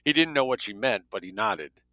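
A male narrator reads fiction for an audiobook at a steady, measured pace. His low voice has a sharp, forceful edge. The recording is dry, close and echo-free, but low in quality.

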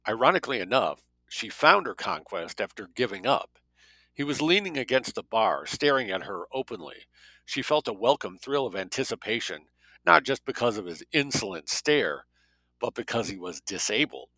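A man narrating a story as an audiobook reader, with a steady, measured delivery. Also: fairly low pitch, no room sound, rough recording.

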